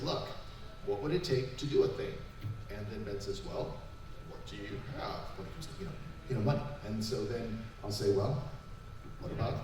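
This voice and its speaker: A man's voice: medium pitch, warm tone, a little hiss or hum. A man answering fan questions on a convention panel, rambling and restarting his sentences. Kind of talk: casual convention panel talk. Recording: echoey convention room, mic far off.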